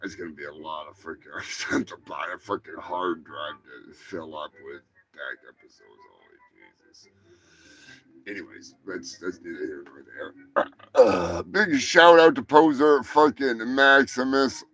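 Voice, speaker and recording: A man hosting a crude comedic news show, talking in a profane, rambling, mock-gruff way. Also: low-pitched, unhurried, fairly bright tone. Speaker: host.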